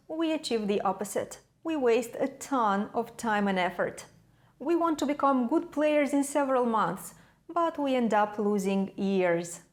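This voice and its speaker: A woman teaching piano in a scripted video lesson, speaking in a measured, emphatic way with dramatic pauses. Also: a little high, a little mellow.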